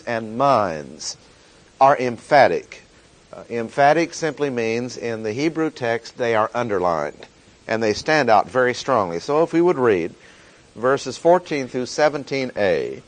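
A man teaching a Bible lesson, reading verses aloud and stressing key words deliberately. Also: medium pitch, rough recording.

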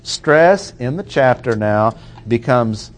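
A man preaching an expository sermon, reading verses aloud and repeating key points with deliberate emphasis. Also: mid-range voice, expressive.

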